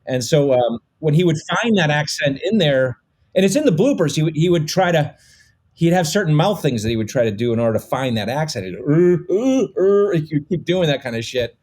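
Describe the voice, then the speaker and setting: A man's voice: on the high side, lively intonation, fairly quick, a little mellow. Middle-aged guy rambling thru old stories, lots of "you know", swears easy. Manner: rambling storytelling, many fillers; swears casually. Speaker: podcast guest. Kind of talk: casual conversation.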